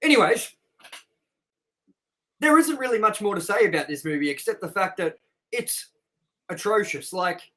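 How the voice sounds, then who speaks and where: Bright-voiced, swearing movie-review co-host. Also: mid-range voice, expressive, moderate pace, long pauses. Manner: profane, exasperated ranting. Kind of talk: casual review chat.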